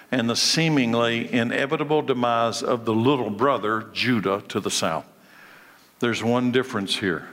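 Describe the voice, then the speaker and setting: A man's voice: medium pitch, fairly bright tone, in a large hall. A man preaching a sermon, asking many rhetorical questions and acting out the dialogue in the story. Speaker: pastor.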